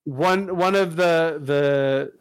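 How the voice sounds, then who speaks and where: A man's voice: on the high side, very slow, clear, resonant tone, no echo. A man hosting a casual podcast chat, rambling and profane, with many restarts.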